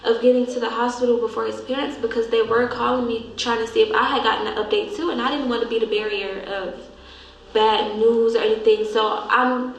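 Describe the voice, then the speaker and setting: A young woman hosting a vlog, telling a painful memory in a halting, grieving way that trails off softly. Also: on the high side, fairly even intonation, a little hiss or hum. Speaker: vlog host. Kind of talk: emotional storytelling. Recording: echoey room.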